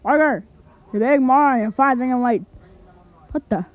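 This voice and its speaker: A woman plays a hot-headed male newspaper boss who barks insults and loses patience, in a fan cartoon. The voice is slightly high and sounds thin and phone-like. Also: moderate pace, lightly acted. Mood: scolding. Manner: barking, insulting, impatient. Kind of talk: fan animation voice acting. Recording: tinny lo-fi home recording.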